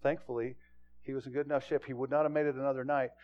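A man who is a pastor and police chaplain, preaching a sermon that swings from quiet and low to loud and emphatic. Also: level tone, fast talker, lo-fi sound.

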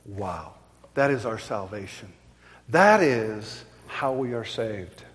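A man's voice: on the low side, slow, long reverb tail. A man preaching a sermon, telling stories with animation and repeating points for emphasis. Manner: animated storytelling, emphatic repetition. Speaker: pastor.

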